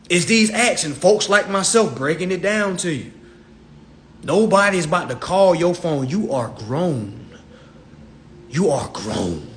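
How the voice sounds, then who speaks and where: A man's voice: high-pitched, fairly bright tone. A man lecturing on a livestream in a streetwise, profane manner, laughing at his own jokes and slipping into mock voices. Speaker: financial self-help lecturer. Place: livestream at home.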